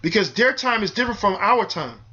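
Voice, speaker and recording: A man's voice: high voice, expressive, brisk, pushed and bright, breathy edge, highs cut off. A young man hosting his own show, giving earnest, preachy advice straight to viewers in a direct, urgent way. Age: young adult. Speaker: show host. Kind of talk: earnest community advice monologue.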